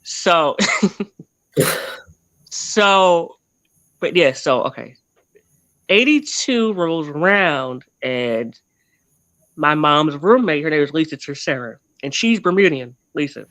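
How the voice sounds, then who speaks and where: A man's voice: a little high, animated, slow, long pauses, a bit bright, no room sound. A man telling his family history as a guest in a casual interview, rambling and often correcting himself mid-sentence.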